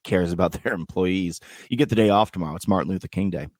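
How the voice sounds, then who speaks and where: A deep-voiced man around thirty from the United States, co-hosting a podcast. He jokes around loosely with crude banter. His voice is dry and close, with no room sound. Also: quick pace, a little mellow, no echo. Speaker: podcast co-host. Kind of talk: casual chat.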